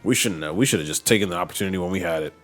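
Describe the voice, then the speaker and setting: A man's voice: low-pitched, rapid-fire, fairly bright tone, soft background music. A man streaming a game, chatting casually as he plays and talking to his team and viewers. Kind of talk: casual gameplay commentary.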